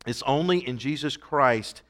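A man preaching a sermon to a church congregation, earnest and emphatic, swinging from soft passages to loud appeals. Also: mid-range voice, measured pace. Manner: reads scripture in King James wording. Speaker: pastor. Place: church service.

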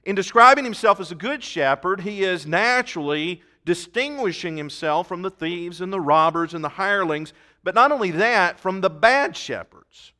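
Bright-voiced emphatic male preacher. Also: high voice, lively intonation, normal speed, hardly any pauses. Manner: emphatic preaching, reading scripture aloud; occasional restarts and fillers. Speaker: pastor. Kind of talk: sermon.

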